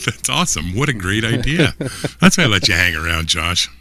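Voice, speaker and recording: Bright-voiced man in his fifties chatting. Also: fairly low pitch, sing-song, a little fast, no echo. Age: 50s. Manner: rambling, laughing often, trailing restarts. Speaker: livestream co-host. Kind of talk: casual political chat.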